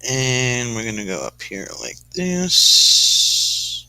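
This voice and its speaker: A man's voice: medium pitch, big pitch swings, very slow, sharp tone, clean tone, no room sound. A man giving a casual, joking painting lesson on a live stream, rambling with lots of fillers and breaking into song now and then. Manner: goofy, sings snatches of song, puts on a folksy drawl; rambling, many fillers like "kinda, like". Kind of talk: casual painting demo with jokes.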